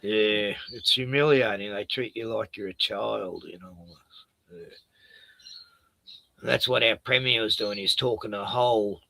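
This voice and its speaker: A man's voice: on the low side, unhurried, vocal fry, bright, forceful tone. A man with an Australian accent, talking bluntly and heatedly in a casual chat, laughing at his own points. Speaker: podcast host.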